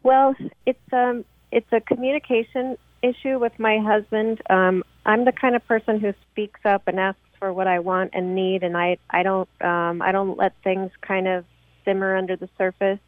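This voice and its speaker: A woman's voice: medium pitch, steady tone, normal speed, no echo. Female caller on a dry, tinny phone line, chatty and hesitant. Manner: talkative, hesitant, with ums. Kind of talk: phone-in call.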